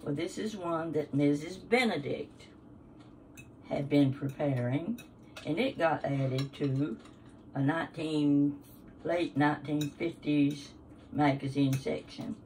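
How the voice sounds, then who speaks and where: Taking it slowly in a low-pitched, darkish voice, an older woman chats casually while demonstrating a recipe in her home kitchen, homespun and relaxed. She's recorded at a distance and somewhat off-mic, with slight background noise and the clink of dishes and utensils.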